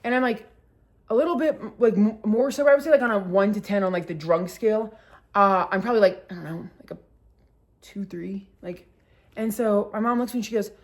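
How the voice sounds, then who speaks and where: Young woman vlogger, casual storytime, filler-heavy, giggly. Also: a little fast. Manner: filler-heavy with constant "like", bursts into laughter; acts out quotes with sudden high squeals.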